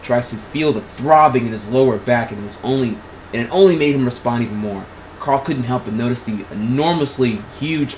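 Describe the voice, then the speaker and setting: Over some background noise, a man with a mid-range voice reads crude fan fiction aloud on his stream for comedic effect. He keeps breaking into laughter and stumbling over the words, staying crude and casual throughout.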